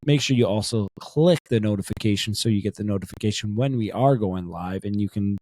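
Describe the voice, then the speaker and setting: A man's voice: fairly low pitch, fairly quick, darkish tone, slight background noise. A man co-hosting a casual podcast, laid-back and slangy, plugging the show's social media. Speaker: podcast co-host. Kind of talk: casual chat.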